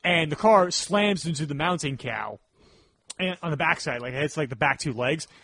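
Man, podcast co-host, rambling casual talk, slightly high voice, dry close mic. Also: normal speed, vocal fry, bright, forceful tone, dry recording. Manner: rambling, lots of "like" fillers and restarts. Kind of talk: casual movie review chat.

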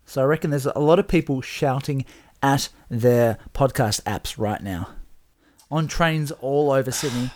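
A man co-hosting a podcast in a relaxed, conversational way. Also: medium pitch, a little slow. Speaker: podcast co-host. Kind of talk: casual whisky podcast chat.

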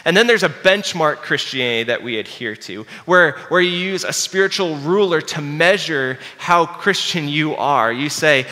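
A man preaching a sermon earnestly, dropping low and quiet to stress his key points. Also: lively intonation, moderate pace, hardly any pauses. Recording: long hall reverb.

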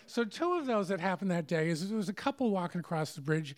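A man's voice: high-pitched, big pitch swings, fast. A middle-aged man telling a story to a live audience, conversational and wry, amused at himself.

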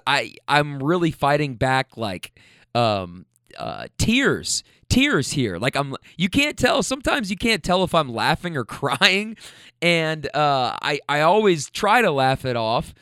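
A man hosting his own podcast, talking in a loose, rambling flow packed with fillers, cursing and bursts of laughter. His voice sits at an ordinary middle pitch for a man. The sound is dry and close, with no room echo. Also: clear, resonant tone. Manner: rambling, filler-heavy, profane, laughs often. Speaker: podcast host. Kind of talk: casual storytelling monologue.

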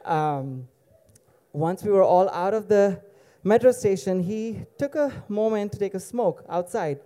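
A man's voice: high-pitched, lively intonation, unhurried, warm tone. A man from Dubai telling a personal story to an audience in a casual, digressive way with wry asides.

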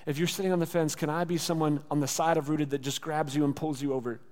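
A man's voice: on the high side, level tone, fast talker, darkish tone. A man preaching a sermon as pastor, earnest and conversational, with lots of rhetorical repetition. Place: church sanctuary. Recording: long hall reverb.

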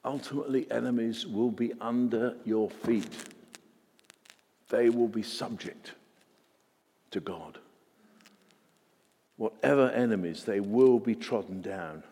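A man's voice: medium pitch, slow pace, pauses often, warm tone, breathy edge. A man preaching a sermon in an earnest way, repeating words for emphasis and putting questions to the congregation. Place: church. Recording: long church reverb.

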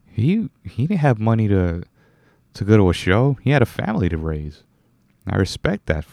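A man's voice: lowish voice, sing-song, normal speed, gravelly, darkish tone, dry recording. A young man hosting a solo podcast, rambling casually, correcting himself and chuckling now and then. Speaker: podcast host.

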